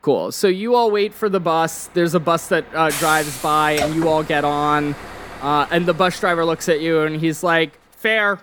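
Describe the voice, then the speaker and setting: A man's voice: a little high, moderate pace, a bit bright, a little hiss or hum. A man running a tabletop game as game master, narrating casually with fillers.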